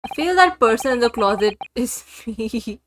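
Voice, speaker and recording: Excitable young woman gaming streamer. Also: fairly high pitch, normal speed. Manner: excitable, swearing, laughing reactions. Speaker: gaming YouTuber. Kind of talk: let's play commentary and reading dialogue aloud. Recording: game music behind voice.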